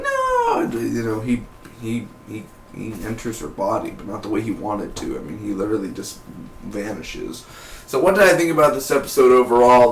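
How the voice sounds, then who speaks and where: A man giving a casual, rambling recap review of a TV episode in an offhand, slangy way. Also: mid-range voice. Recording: roomy echo.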